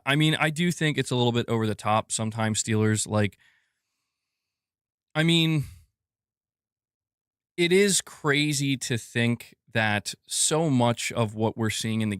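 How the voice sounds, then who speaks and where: A man hosts a gaming news live stream as a podcast host, chatting casually and reading viewer comments. He sounds animated, talking to chat and reading comments out loud. His voice is medium-pitched, and the studio recording is clean with no room sound.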